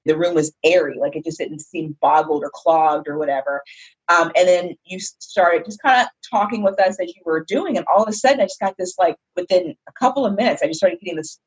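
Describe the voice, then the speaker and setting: A woman's voice: on the low side, a little fast, breathy edge. A woman guest on a podcast, chatty and full of fillers, on dull lo-fi audio. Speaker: podcast guest, former client. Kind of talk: casual chat.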